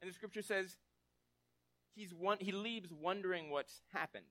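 A man's voice: sits high, normal speed. A man preaching a sermon in a casual, conversational way, often checking in with listeners and acting out short quotes as he tells the story. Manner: conversational, tag questions like "right?"; animated storytelling with acted quotes. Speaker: pastor.

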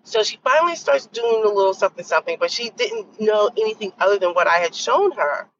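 A young adult woman hosting a podcast, telling a workplace story in a casual, exasperated way and lowering her voice to quote others. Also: animated, quick pace, fairly bright tone. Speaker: podcast host. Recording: dull lo-fi sound with faint noise.

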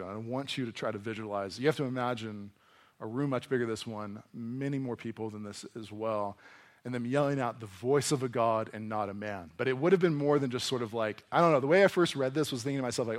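A man preaching a sermon to a congregation in a conversational, animated way, often acting out voices as he reads and explains scripture. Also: mid-range voice. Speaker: pastor. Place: church hall before a congregation.

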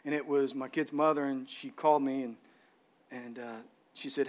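A pastor delivers a passionate sermon, repeating words and shifting between loud emphasis and quiet storytelling. He is male, with a medium-pitched, steady voice and a moderate pace.

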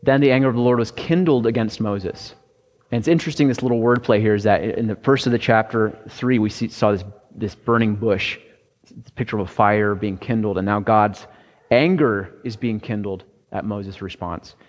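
A man preaching a conversational sermon, halting at times with restarts and fillers. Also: on the low side. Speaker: pastor. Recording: long hall reverb.

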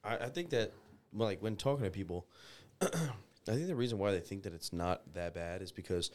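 Young New Jersey lifeguard, laid-back, filler-heavy chat. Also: male voice, sits low, lively intonation, brisk, darkish tone. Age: young adult. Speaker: lifeguard guest. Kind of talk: casual chat.

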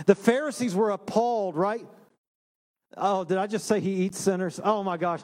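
A man, a pastor, preaching a sermon in a relaxed storytelling way with self-deprecating humor. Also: high voice, moderate pace. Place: church sanctuary.

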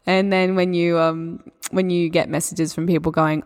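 Australian female podcast host, mindset coach, soft encouraging delivery, slightly low voice. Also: flat delivery, moderate pace. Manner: gentle, encouraging, spiritual. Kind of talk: solo podcast talk.

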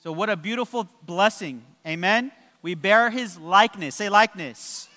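A pastor preaching a lively sermon to his congregation, joking and adding many asides. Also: high voice, normal speed. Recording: long church hall reverb.

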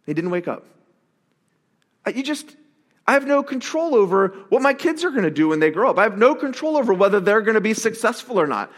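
Animated, self-mocking man preaching in a hall. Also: sits high, a little fast. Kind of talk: sermon. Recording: long reverb of a large hall.

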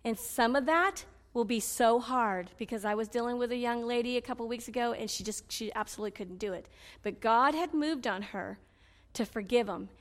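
A woman preaching a sermon, swinging between loud pleading cries and low confiding asides. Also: a little fast, few pauses, in a large hall.

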